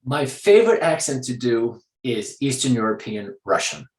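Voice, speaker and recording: A man talks in a relaxed interview, measured and sure of himself. His voice sits at an ordinary middle pitch. The room gives it a noticeable echo. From United States. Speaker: actor, interview guest. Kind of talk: casual interview conversation.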